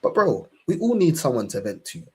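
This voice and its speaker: Young London man, fan-show host, husky, impassioned and profane. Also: mid-range voice, huge pitch swings, brisk, mellow. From England. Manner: impassioned, swearing, repeats "bro". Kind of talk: casual podcast chat.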